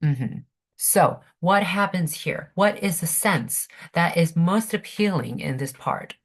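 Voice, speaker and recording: Woman, literature teacher, online class, patient, slow, low voice, computer mic. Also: animated. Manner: slow, patient, checks in with students. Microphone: computer mic on video call.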